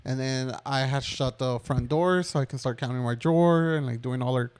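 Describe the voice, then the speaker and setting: Speaking at a normal speed, a podcast co-host in his twenties tells a personal story in a loose, rambling way full of fillers. He has a mid-range, slightly mellow voice that is clear and resonant, with no echo.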